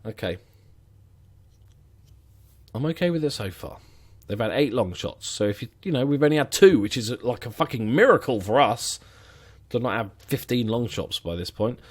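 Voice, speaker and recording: A gaming commentator with a mid-range voice and lively intonation speaks at a moderate pace. He mutters sarcastic commentary while playing a football management game.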